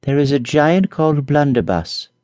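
A man's voice: a little high, expressive, moderate pace, darkish tone, no room sound, pitched above the performer's own voice, lightly acted. A man voicing a distressed young princess. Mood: earnest.

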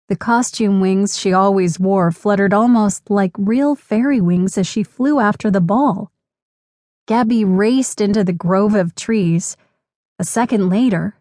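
Woman narrator for a kids' audiobook: gentle, unhurried, close dry studio. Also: medium pitch, no room sound. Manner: clear, gentle, measured. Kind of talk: scripted children's audiobook narration.

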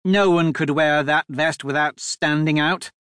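Brief: man doing a high, shrill, impulsive duchess for an audiobook, bossy and gushing. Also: steady tone, a little slow, a bit bright, clean tone, no echo, studio quality. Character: impulsive heavy-set noblewoman duchess, excitable. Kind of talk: audiobook character voice.

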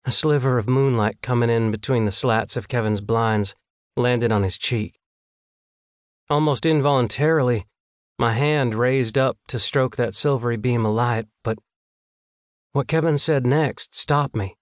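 A man's voice: medium pitch, normal speed, no room sound. Man narrating a romance audiobook, dry.

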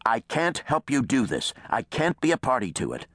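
A man voicing an indignant old male professor who argues forcefully and emphatically, in an audiobook. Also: lowish voice, very animated, normal speed, dry recording. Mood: furious.

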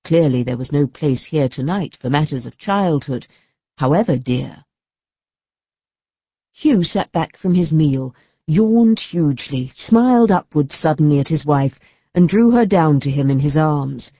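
A woman narrating an audiobook in a steady, even storytelling manner. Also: low-pitched, measured pace, no echo. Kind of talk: scripted narration. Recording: dull dry studio recording.

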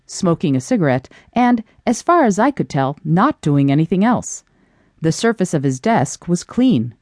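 A woman narrating a first-person audiobook in an expressive, animated reading. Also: lowish voice, dry recording, studio quality.

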